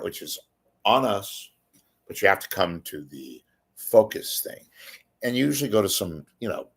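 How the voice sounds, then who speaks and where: A man's voice: lowish voice, very animated, normal speed, creaky, husky. A man hosting a live stream, rambling through jokes in a casual monologue, swearing often and greeting viewers by name. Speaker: livestream host.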